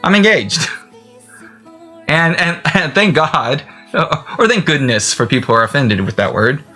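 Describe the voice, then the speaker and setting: Giggly rambling man, lively pitch. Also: unhurried, soft background music. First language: not English. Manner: giggly, rambling, laughs often. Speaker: vlogger. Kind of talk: rambling self-talk to camera.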